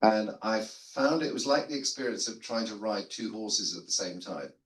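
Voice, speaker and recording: A man's voice: lowish voice, animated, moderate pace. An older man, a guest theologian on a seminary panel, telling stories in a rambling, self-deprecating conversational way with frequent restarts. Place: seminary lunch room. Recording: roomy echo.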